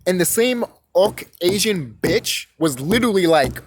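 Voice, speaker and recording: A man's voice: high voice, animated, brisk, few pauses, rough recording. A young man delivering a rambling, profane rant monologue, stumbling over and repeating words as he goes. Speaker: vlogger.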